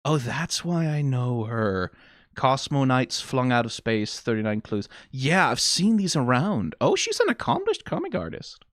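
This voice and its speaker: A man from Denmark hosting a casual reaction video, animated and exclaiming, swearing now and then and laughing. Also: medium pitch, unhurried, no echo, clean studio sound.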